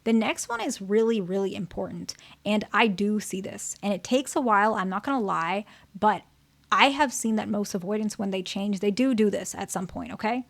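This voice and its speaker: A woman therapist at a middle pitch talks through an educational explainer. She keeps it conversational and checks in often with the listener. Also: normal speed, creaky. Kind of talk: educational talk to camera.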